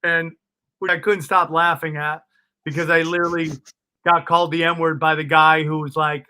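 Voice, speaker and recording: Male comic guest, high and sharp, animated, swears freely, spins casual anecdotes. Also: normal speed, clean tone. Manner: animated, profane, laughs at his own stories. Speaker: comedian guest. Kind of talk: casual storytelling interview.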